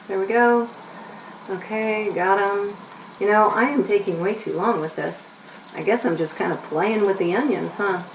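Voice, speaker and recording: Woman cooking host, unhurried chatty delivery, echoey kitchen, mic a little distant, faint sizzling. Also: mid-range voice, a little hiss or hum. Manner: chatty, talks to herself while stirring. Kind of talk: casual cooking demonstration for kids. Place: home kitchen. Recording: roomy kitchen, mic set back. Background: onions sizzling in a pan.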